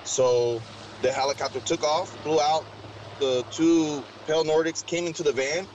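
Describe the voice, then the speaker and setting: A man's voice: fairly high pitch, fairly even intonation, normal speed, darkish tone, muffled recording, a little hiss or hum. Rambling man telling a long story. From Mexico. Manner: rambling, filler-heavy, slangy. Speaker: interviewee recounting an encounter. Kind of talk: casual storytelling.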